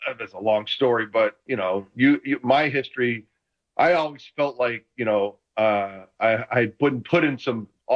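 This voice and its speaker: A man in his sixties, a retired football player calling in from a room at home, telling lively stories in casual chat. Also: on the low side, highs cut off. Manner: animated, enthusiastic anecdotes. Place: home room full of memorabilia.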